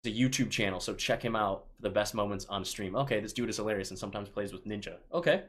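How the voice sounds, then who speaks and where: A man in his thirties from Chicago, United States, talks fast in a lowish, fairly bright voice. On a live stream he casually reads viewer questions aloud and answers offhand, often restarting his sentences.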